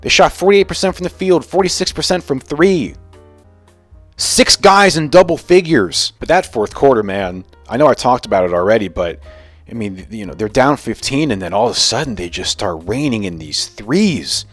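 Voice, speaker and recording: A man's voice: medium pitch, animated, moderate pace, faint music behind. A young man hosting a casual sports commentary vlog, opinionated and ranting about the game. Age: young adult. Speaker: sports video host.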